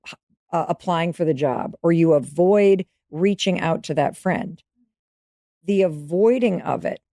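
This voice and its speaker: A woman's voice: sits low, mellow, no echo, studio quality. A woman in her fifties, a podcast guest giving advice in casual interview talk, emphatic and coaching, speaking straight to the listener.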